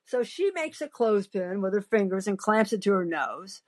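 A woman's voice: medium pitch, very animated, moderate pace. A woman hosting a call-in podcast, telling a rambling, anecdotal story full of fillers and restarts. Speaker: podcast host.

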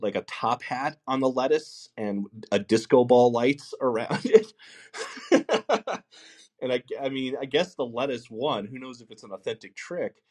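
A man's voice: fairly low pitch, darkish tone. A man hosting a call-in talk show, giving blunt, profane political commentary in a rambling way with restarts. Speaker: podcast host.

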